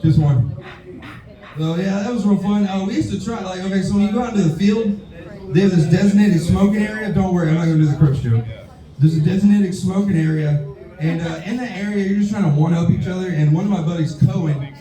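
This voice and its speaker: A man's voice: fairly high pitch, warm tone, reverberant, distant mic, poor audio. A man doing a profane, rambling stand-up set on a bar stage, telling crude stories. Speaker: stand-up comedian. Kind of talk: open-mic stand-up set.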